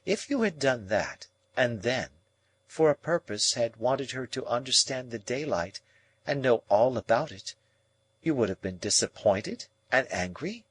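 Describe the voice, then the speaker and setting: A man voicing a proud young woman who speaks in a calm, measured, reproachful way in an audiobook. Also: mid-range voice, slightly rough. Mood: cool.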